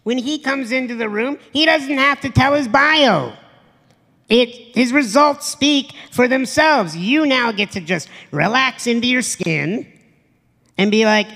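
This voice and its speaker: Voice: medium pitch, expressive, unhurried, fairly bright tone, long reverb tail. A motivational speaker giving a live stage talk to an audience, blunt and profane, emphatic, acting out quoted voices.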